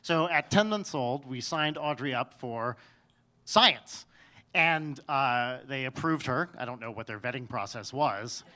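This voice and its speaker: A man telling a funny personal story live on stage, swinging between loud bursts and quiet, dry asides. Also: mid-range voice, unhurried. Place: stage before an audience.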